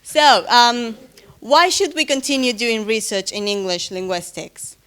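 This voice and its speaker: A woman's voice: a little high, unhurried, fairly bright tone, clear, resonant tone. Woman presenting a lecture. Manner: hesitant, many fillers and self-corrections, light humor. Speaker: conference speaker giving closing talk. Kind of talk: academic conference presentation.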